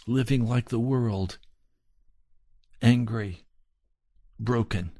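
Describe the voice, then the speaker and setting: A man preaching a sermon, earnest and pleading, speaking slowly and deliberately. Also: medium pitch, mellow, dry recording, clean studio sound.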